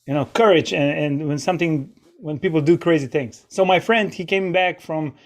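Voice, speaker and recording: A man's voice: a little high, normal speed. A man hosting a live improv comedy show, rambling and chatty as he keeps interrupting himself. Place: small theater stage.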